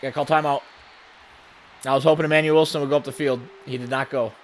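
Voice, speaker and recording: A man giving running play-by-play commentary on his own video game session, with sudden bursts of excitement. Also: mid-range voice, fast talker. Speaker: gaming channel host.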